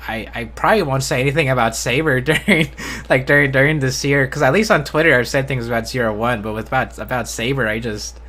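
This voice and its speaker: A man hosting a casual live-stream discussion, talking in a flat, unenthusiastic way and often restarting with repeated words. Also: fast, few pauses. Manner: self-described monotone, low enthusiasm. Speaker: host.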